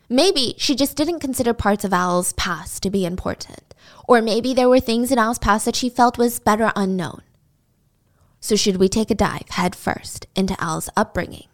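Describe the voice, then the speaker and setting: A woman telling a true-crime story with a casual, dramatic delivery. Her voice sits on the higher side, and she sometimes sinks to a whisper.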